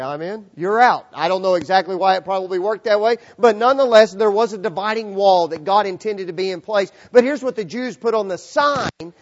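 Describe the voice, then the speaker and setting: A man preaching a sermon to a congregation, lively and acting out the voices of the people in his story. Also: high voice, muffled recording. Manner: animated, acts out voices of characters. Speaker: pastor. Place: church.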